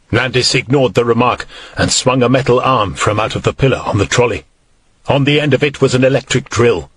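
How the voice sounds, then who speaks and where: A man narrating a mystery audiobook in a steady, even reading. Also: mid-range voice, fairly quick, husky, dry recording. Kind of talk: scripted narration.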